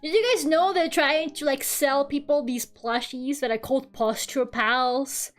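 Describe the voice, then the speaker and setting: Woman streamer w a higher voice, rambly and sweary, laughs a lot while drawing, faint music behind. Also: measured pace. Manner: chatty and rambling, swears freely, laughs often. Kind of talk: casual chat while drawing.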